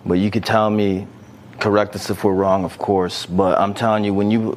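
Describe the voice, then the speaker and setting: A young man co-hosting a podcast, talking in crude, casual banter and often breaking into loud laughter. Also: fairly low pitch, moderate pace, a little hiss or hum. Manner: lively, laughs hard, animated. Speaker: podcast co-host.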